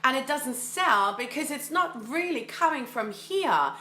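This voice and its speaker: A woman coach speaks with enthusiasm in a slightly high, bright, forceful voice. Her motivational talk is loose and chatty, full of fillers and repeated phrases. The room around her echoes. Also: animated, a little slow. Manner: casual, filler-heavy delivery. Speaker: mindset coach. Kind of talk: motivational monologue.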